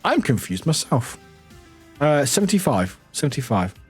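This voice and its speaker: A man's voice: medium pitch, very animated, normal speed, husky. A man from the United Kingdom, a streamer, chatting casually with viewers, laughing often, swearing and reading chat aloud. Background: faint background music.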